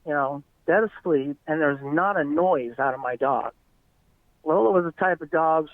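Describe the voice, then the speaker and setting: A man's voice: a little high, dry recording. A middle-aged man, an eyewitness guest, earnestly telling a long story in casual, rambling talk over a tinny phone line.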